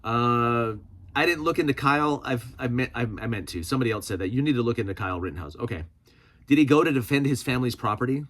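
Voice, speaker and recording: A man hosting a vlog and reacting to viewer comments in a casual, rambling way, often correcting himself mid-sentence and laughing. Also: mid-range voice. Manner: excitable, quick shifts in loudness. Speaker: prepping channel host.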